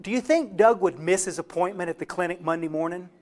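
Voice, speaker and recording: A man with a Texan accent giving a fast, folksy and emphatic recovery talk to a workshop audience. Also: sits high, a little mellow. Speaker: recovery speaker.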